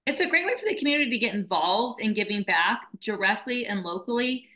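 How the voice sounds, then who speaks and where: A woman's voice: a little high, lively intonation, fast, rough recording. A woman founder of a nonprofit, talking earnestly and emotionally in a casual interview. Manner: earnest, emotional, warm storytelling.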